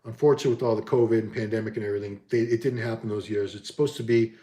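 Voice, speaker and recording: A man's voice: fairly low pitch, steady tone, rapid-fire, dark tone. A man chatting casually about his bodybuilding past and reading out viewer comments, candid and self-deprecating, often trailing off and restarting. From Boston area. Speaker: bodybuilding vlogger. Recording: echoey room.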